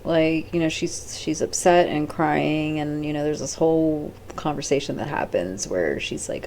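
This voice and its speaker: A chatty woman talks through a show off the cuff in a low, gravelly voice with a mellow, dark tone. She rambles, quotes the characters in quick bits of their voices, and swears freely. A faint hiss sits under the recording. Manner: rambling, chatty, acts out characters' lines with "she's like"; blunt and swears casually. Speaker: host. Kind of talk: off-the-cuff video commentary.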